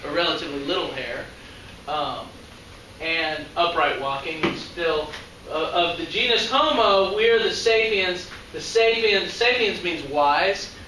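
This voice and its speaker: A man's voice: fairly high pitch, measured pace, pushed and bright. A man giving a classroom lecture as a biology teacher, chatty and often asking the class questions. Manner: conversational, asks the class questions. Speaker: high school biology teacher. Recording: echoey classroom from far off, faint noise.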